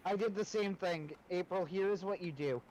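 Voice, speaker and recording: A man's voice: sits high, normal speed, darkish tone, a little hiss or hum, low-quality recording. A man co-hosting a livestream, talking in a dry, matter-of-fact way. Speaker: livestream co-host. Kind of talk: casual chat.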